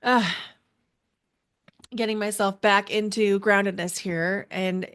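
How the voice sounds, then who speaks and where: Woman, podcast host, solo episode; earnest, emotional, deliberate spiritual guidance, middle pitch. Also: fairly even intonation, fairly bright tone. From United States. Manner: earnest, slow and deliberate with pauses; spiritual, guiding a grounding exercise.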